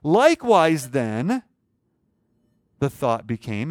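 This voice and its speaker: A male pastor preaching a sermon, asking the congregation questions and swinging between loud and soft. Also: medium pitch, very animated, slow pace, long pauses, dry recording, clean studio sound.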